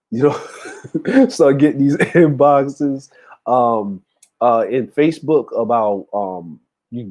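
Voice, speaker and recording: A man's voice: medium pitch, darkish tone. A man hosting a casual livestream, talking loosely to his chat with frequent fillers and laughter. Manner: laid-back, laughing, talks to chat with many fillers. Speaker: show host.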